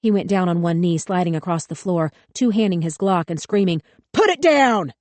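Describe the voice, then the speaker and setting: Woman reading a thriller audiobook, low-ish voice, dry studio sound. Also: steady tone, fairly quick, warm tone, no echo. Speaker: audiobook narrator. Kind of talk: scripted narration.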